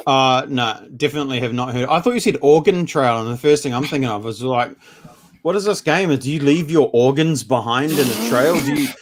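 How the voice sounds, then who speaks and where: A man's voice: mid-range voice, fairly quick. A man in his forties with a New Zealand accent, co-hosting a casual chat over a video call in a joking, playful way. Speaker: co-host. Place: home.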